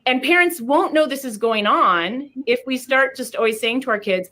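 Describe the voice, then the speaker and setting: A woman's voice: high voice, normal speed, pushed and bright. A woman in a played clip, giving an earnest, explanatory commentary. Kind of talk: lecture-style commentary.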